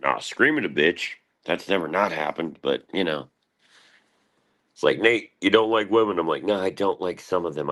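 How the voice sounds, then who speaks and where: Very deep-voiced rambling male streamer. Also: bright, forceful tone. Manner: profane, rambling, talks to himself in the third person. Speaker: live streamer. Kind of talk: rambling morning stream monologue.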